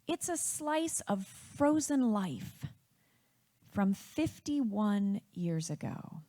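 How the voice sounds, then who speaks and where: A woman from Wisconsin telling a personal family story in a reflective, unhurried way. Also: medium pitch, big pitch swings, dark tone.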